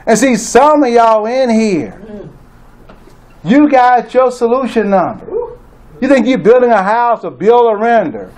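A man's voice: very high-pitched, lively intonation, a little slow, darkish tone. A man telling a story to an audience in a folksy way, often checking in with "right?". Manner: folksy, repetitive, keeps asking "right?". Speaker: motivational speaker.

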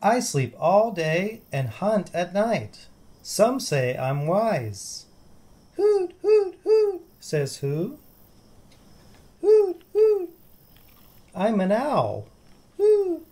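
A storybook reader voicing a wise owl with very high hoots. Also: very animated, slow pace, darkish tone. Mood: hooting. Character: wise night-hunting owl.

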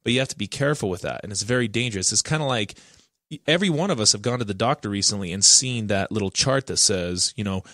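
Animated man in podcast chat. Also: lowish voice, fast talker, dry recording, studio quality. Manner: animated, acts out quoted voices. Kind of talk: casual podcast discussion.

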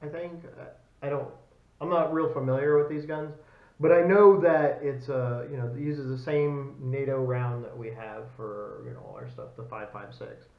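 A man's voice: mid-range voice, normal speed. An American man co-hosting a podcast, telling a long rambling story in casual chat with many fillers, on a lapel mic. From United States. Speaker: podcast co-host. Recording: echoey room, slightly dull sound.

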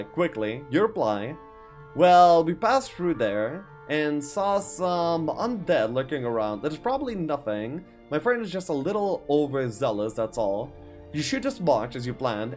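A man's voice: medium pitch, darkish tone. A man reading a game's story text aloud, stopping for asides and frequent "uh"s. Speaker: gaming YouTuber reading a map's story. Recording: faint music behind.

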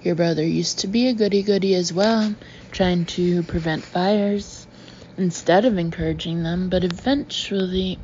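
A woman's voice: on the low side, fairly even intonation, moderate pace, darkish tone, lo-fi sound, a little hiss or hum, natural voice. A woman voicing a scheming, sneering male villain in a storybook reading. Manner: sneering, mocking.

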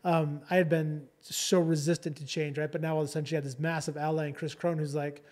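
A man's voice: on the high side, flat delivery, quick pace, a little mellow. A man co-hosting a podcast, telling a story in a chatty, casual way and often checking in with "right?". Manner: chatty, keeps adding "right?" and "like". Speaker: podcast co-host.

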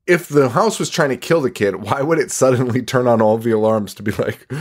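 A man with a mid-range voice talks briskly on a podcast he co-hosts. Chatting casually about a film, he swears freely, laughs, and mocks lines from it in a loose, wandering recap.

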